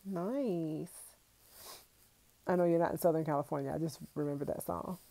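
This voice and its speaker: A young woman from Brooklyn talks casually on a livestream, reading comments aloud and laughing often. Her voice sits low, with a gravelly rasp and a dark, mellow tone. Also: moderate pace. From Brooklyn, New York. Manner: chatty, laughs often, talks to viewers directly. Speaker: vlogger on a livestream.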